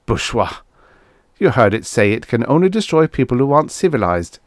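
A man's voice: mid-range voice, sing-song, normal speed, no echo, clean studio sound, natural voice. A man voicing a greedy, stubborn spaceman who talks eagerly in a raised voice. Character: greedy, power-hungry male spaceman.

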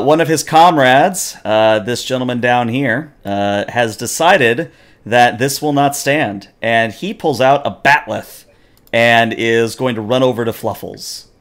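A man running a tabletop game as game master, narrating the action with animated storytelling and frequent fillers. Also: mid-range voice, unhurried.

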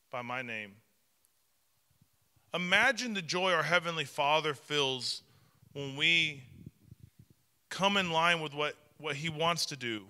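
A man in his thirties, a pastor preaching a sermon and telling family stories in an animated way with playful acted quotes. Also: fairly high pitch, clear, resonant tone, big-room sound.

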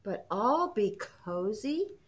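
A woman's voice: medium pitch, big pitch swings, takes it slowly. A woman voicing an earnest, innocent young male hedgehog in a storybook read-aloud. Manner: innocent, insistent. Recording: muffled lo-fi sound.

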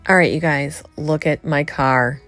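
A middle-aged woman chatting excitedly to viewers as she shops a thrift store, filming on a handheld phone. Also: low-pitched, a little slow, faint music behind. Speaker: vlogger. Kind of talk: casual thrift-store vlog chat.

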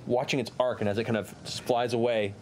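A man's voice: mid-range voice, little pitch movement, fast, darkish tone, slight background noise. A man narrating as game master of a tabletop game, describing scenes vividly.

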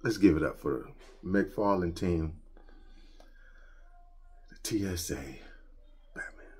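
A man chatting casually while showing off his toy collection at home, joking and slangy and quick to laugh. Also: low-pitched, breathy edge. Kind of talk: casual unboxing chat. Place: home collection room with shelves.

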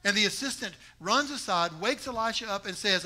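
A male pastor preaching a sermon, animated and conversational, acting out quoted voices and making jokey asides to the congregation. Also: high-pitched, brisk.

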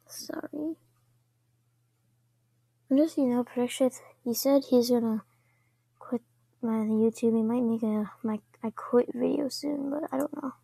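A woman giving casual commentary over her own gameplay, chatting to herself and often dropping into quiet whispers. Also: a little high, fairly even intonation, moderate pace, gravelly, husky, no room sound.

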